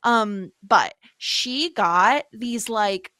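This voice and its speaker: A woman's voice: medium pitch, drawn-out words, no room sound, studio quality. Chatty woman podcast co-host. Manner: chatty, self-deprecating, animated. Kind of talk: casual chat.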